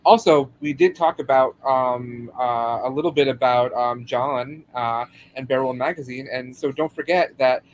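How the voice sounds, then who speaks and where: Eager chatty guy co-hosting, mid pitch, trips over words a bit, faint hiss behind. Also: moderate pace, few pauses, poor audio. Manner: chatty and eager, with stumbles and fillers. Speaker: podcast co-host. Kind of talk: casual livestream chat.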